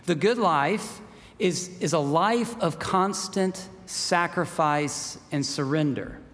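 Male pastor, sermon, chatty storyteller, slightly high voice, long room echo. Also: takes it slowly, a bit bright. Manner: conversational, acts out quoted voices in the story.

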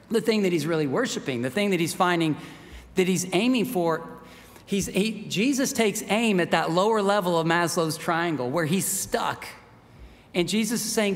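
A man's voice: sits high, in a large hall. A man preaching a sermon in a casual, conversational way, stopping to act out the voices of the people in his story. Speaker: pastor.

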